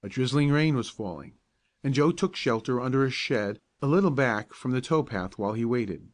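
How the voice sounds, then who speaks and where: A man narrating a children's audiobook in a calm, even, measured bedtime reading. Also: mid-range voice. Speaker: storyteller.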